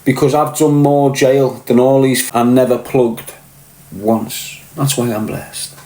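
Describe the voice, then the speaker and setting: Speaking in a mid-range, slightly mellow voice with a steady tone and a somewhat slow pace, this middle-aged Liverpudlian livestream host tells crude, boastful, profane stories to his chat. He answers viewers by name, and there's a roomy echo plus slight background noise.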